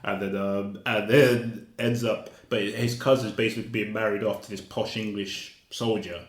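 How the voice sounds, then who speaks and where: A man's voice: lowish voice, level tone, normal speed. A male author talking casually as an interview guest, hesitant, with many fillers and repeated words. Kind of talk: casual conversation. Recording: roomy, echoey room.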